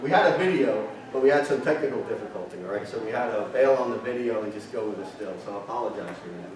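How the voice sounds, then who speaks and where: A man's voice: on the low side, quick pace, darkish tone. Man lecturing in an echoey hall. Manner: fires rhetorical questions at the audience. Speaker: seminar presenter. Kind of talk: marketing seminar lecture. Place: hotel conference room. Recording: echoey hall, distant mic, audience present.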